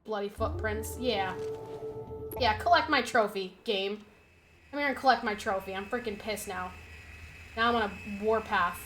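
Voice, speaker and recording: A woman's voice: mid-range voice, normal speed, pauses often, over music. A young woman streaming a hunting game, swearing, trash-talking her targets and muttering to herself. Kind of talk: casual gameplay commentary.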